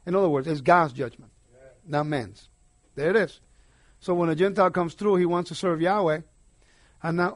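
A man preaching a sermon, emphatic, swinging between quiet asides and loud declarations. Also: a little high, moderate pace, no room sound, clean studio sound.

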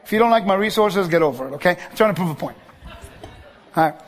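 A man's voice: high-pitched, animated, fast talker, long reverb tail. A man preaching a sermon to a live audience. He keeps asking if they follow him and acts out the voices of people in his stories.

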